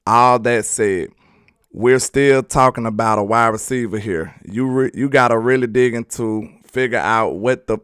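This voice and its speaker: Smooth-voiced Southern man talking sports. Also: mid-range voice, a little slow, a bit bright, no room sound, studio quality. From Alabama. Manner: loose, joking, chats with viewers. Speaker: sports talk host. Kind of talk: casual live sports commentary.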